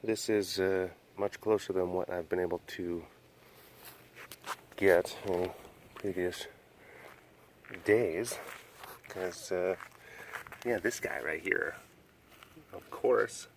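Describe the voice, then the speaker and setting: A man's voice: low-pitched, slow, long pauses, slight background noise. A man vlogging as he walks around an animal compound, chatting, joking and cooing at the cats. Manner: chatty, jokey, coos at the animals. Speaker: big cat sanctuary vlogger. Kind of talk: casual vlog narration. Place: outdoor wildlife compound.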